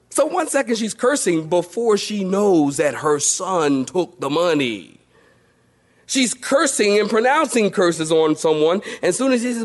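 High-voiced, animated male preacher. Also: measured pace. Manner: animated, storytelling, acts out voices, rhetorical questions. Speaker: pastor. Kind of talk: sermon.

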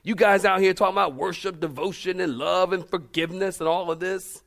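A man's voice: sits high, steady tone, a little fast, vocal fry, a bit bright. A man voicing an exasperated woman who storms in complaining that she does all the work. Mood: indignant. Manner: indignant, rebuking.

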